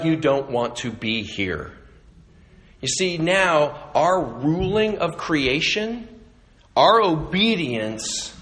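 A man's voice: sits high, pushed and bright, long reverb tail. A middle-aged man preaching a sermon in a conversational way, telling stories and restarting his phrases as he goes. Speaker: pastor.

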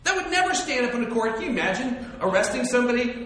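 Male preacher, high voice, animated and dynamic; distant mic, very echoey church hall. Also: fast, slight background noise. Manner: animated storytelling, swings between loud and hushed. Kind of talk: sermon.

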